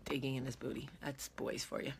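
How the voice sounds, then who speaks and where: A woman's voice: rumbling low, fairly even intonation, brisk, gravelly, a little hiss or hum. A woman in her forties talking heart to heart with her viewers, earnest and emphatic, often repeating her key phrases. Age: 40s. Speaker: vlogger speaking to her viewers. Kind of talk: heartfelt casual talk to camera.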